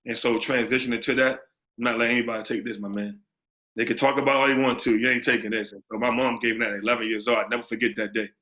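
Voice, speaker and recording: His speech races, pushed and bright yet steady in tone, at a medium pitch. This associate head basketball coach answers an interview emphatically with repeated phrases and street slang, recorded in dull lo-fi quality.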